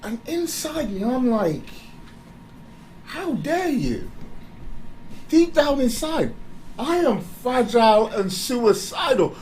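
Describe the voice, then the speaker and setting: A man giving a candid motivational talk, animated and confessional, often breaking into laughter. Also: very high voice, slow pace, slight background noise, low-quality recording. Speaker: speaker.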